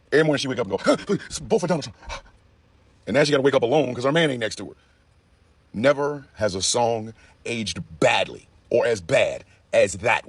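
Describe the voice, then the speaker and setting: A man giving casual, profane commentary in an animated way, with laughing asides. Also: mid-range voice, slightly rough, dry recording.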